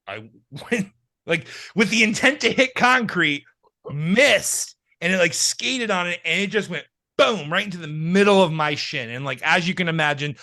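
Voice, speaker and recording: A young man with a bright, forceful, slightly high voice tells a rambling story on a chatty podcast. He laughs often and keeps piling on filler as he talks. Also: lively intonation, moderate pace. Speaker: podcast co-host. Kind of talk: casual chat.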